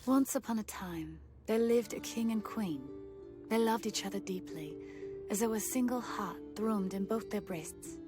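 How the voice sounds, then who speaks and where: A woman narrating a fairy tale in an English anime dub, calm and measured. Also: medium pitch, music in the background, lightly acted.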